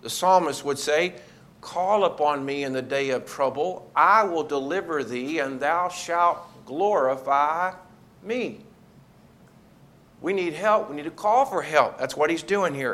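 A man's voice: on the high side, unhurried, a bit bright. A man leading a Bible study, teaching in a conversational way and asking the group questions.

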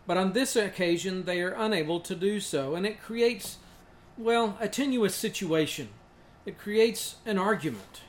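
A man's voice: high voice, a little slow. A man giving a reflective, conversational Bible teaching talk with occasional restarts. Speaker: preacher.

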